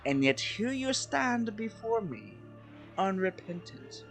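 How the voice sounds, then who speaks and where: Brief: streamer doing a theatrical male game villain, taunting, unhurried, a touch higher than plain talk. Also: sing-song, a bit bright, faint music behind, heavily acted. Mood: menacing. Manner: slow, drawn-out theatrical reading. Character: menacing ancient male villain taunting a lamb.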